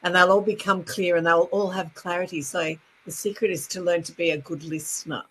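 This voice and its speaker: A woman with an Australian accent, a speaking coach chatting as a guest, animated and talkative. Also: lowish voice, a little fast, a little hiss or hum, rough recording. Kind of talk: casual interview chat.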